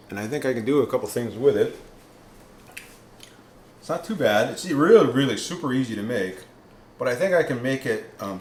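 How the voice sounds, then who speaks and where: A man tasting and chatting through a home cooking vlog, his casual talk loose and rambling, full of fillers and restarts. His voice sits at an ordinary pitch. He's recorded in an echoey room with a faint background hum. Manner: rambling, many ums and restarts; tasting food while talking. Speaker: keto cooking vlogger.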